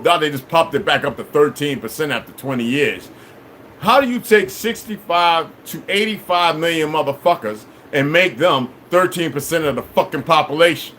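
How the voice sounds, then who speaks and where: A man delivering a combative, profanity-laden monologue to camera, dropping to low mutters and rising to shouts, with many restarts and repeated words. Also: a little hiss or hum. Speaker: vlogger.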